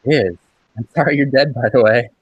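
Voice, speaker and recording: A man chatting casually before a tabletop game, relaxed and quick to laugh. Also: medium pitch, breathy edge, no echo.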